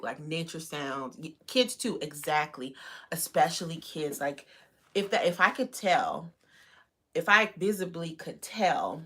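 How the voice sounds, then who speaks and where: A woman hosting a live stream, chatting casually and rambling with lots of fillers. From United States. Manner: greets viewers in a bright high voice. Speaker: livestream host.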